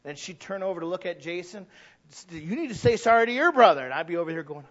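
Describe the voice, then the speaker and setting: High-voiced preacher shouting his sermon. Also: animated, quick pace, muffled recording. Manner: swings from quiet asides to loud shouted preaching; acts out little scenes with voices. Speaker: pastor. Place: church.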